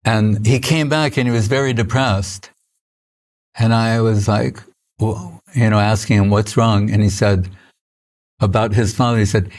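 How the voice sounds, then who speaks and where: A man's voice: fairly low pitch, steady tone, moderate pace. Older man giving a rambling spiritual talk. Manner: conversational storytelling with frequent restarts and soft laughs. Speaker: spiritual teacher. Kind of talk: informal spiritual lecture.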